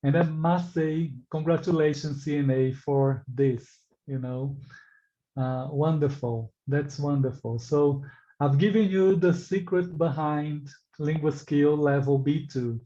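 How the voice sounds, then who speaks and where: Male teacher, mellow and a bit high, careful articulation, engaging live class, dull audio. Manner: slow, deliberately articulated teaching delivery; engaging, asks the class questions and reacts to answers. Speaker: English exam teacher.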